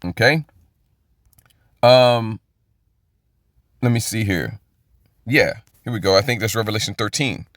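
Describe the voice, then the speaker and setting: A man's voice: fairly low pitch, a little slow, long pauses, fairly bright tone, no room sound, clean studio sound. A man giving casual Bible commentary, emphatic and rhetorical, often checking in with "okay?". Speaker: Bible teacher.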